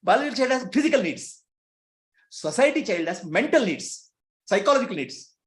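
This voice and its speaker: A man's voice: high-pitched, very animated, fairly quick. A man giving a spiritual teaching talk, asking his listeners rhetorical questions and chuckling between points. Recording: echoey room.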